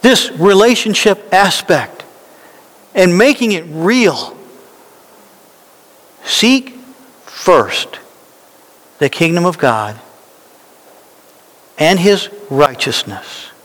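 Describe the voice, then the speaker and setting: A man preaching a sermon at a deliberate, unhurried pace, his voice sitting a little high for a man. He leans hard on key words and rises into insistent bursts. The sound carries a long reverb, as in a large hall. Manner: slow, emphatic preaching with rising, animated peaks. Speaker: pastor.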